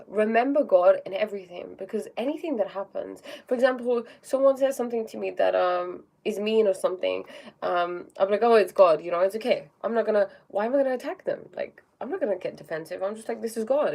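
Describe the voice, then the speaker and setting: A woman's voice: medium pitch, vocal fry, darkish tone. A woman hosting a spiritual livestream in a casual talking style. She often tags her sentences with "okay?" and greets viewers by name between points. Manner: reads viewer comments aloud and greets them.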